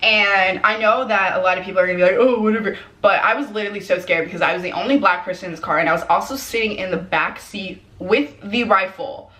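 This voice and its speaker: A young woman telling a personal story in a casual, animated way, slipping into quick voices for the people she quotes. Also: mid-range voice. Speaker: vlogger. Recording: echoey room.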